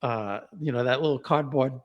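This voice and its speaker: A man's voice: mid-range voice, normal speed, big-room sound, dull audio. A man with a New York accent, a guest chatting casually in an interview. He talks in a loose, repeating way and laughs often. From Queens, New York. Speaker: guest, genealogy author and podcaster.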